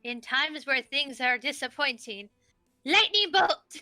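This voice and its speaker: A woman voicing a frantic humanoid spellcaster in a tabletop game who yells the spell name over and over. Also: sits high, steady tone, a little slow, dry recording, faint music behind, full character voice. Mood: frantic shouting.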